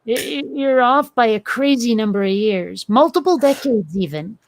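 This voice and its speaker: Forties woman host, kinda high voice, dry close sound, asks blunt nosy questions. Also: lively intonation, moderate pace, dry recording. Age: 40s. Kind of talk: casual chat.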